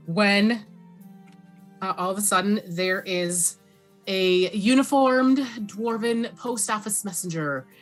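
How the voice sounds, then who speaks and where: A woman narrating a tabletop game as dungeon master, halting with many fillers. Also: medium pitch, pushed and bright.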